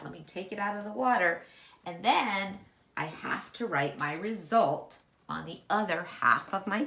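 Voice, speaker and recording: A woman teaching a kindergarten lesson, talking directly to young children in a warm, exaggerated teacher voice with wide swings. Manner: slow, sing-song teacher voice with big pitch swings.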